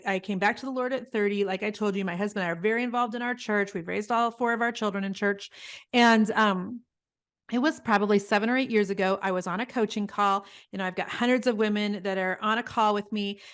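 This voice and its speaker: A middle-aged woman guest in an interview, telling stories in an earnest, animated way. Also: mid-range voice. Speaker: guest, business coach. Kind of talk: conversational interview.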